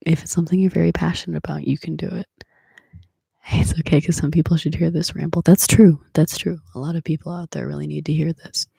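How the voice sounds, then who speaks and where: Gravelly, husky soft-spoken streamer. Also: medium pitch, little pitch movement, quick pace, no echo, studio quality. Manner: soft-spoken, drifting in and out of whispers, rambling and emotional. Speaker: ASMR livestreamer. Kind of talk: soft-spoken whispered ASMR chat. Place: small room at home.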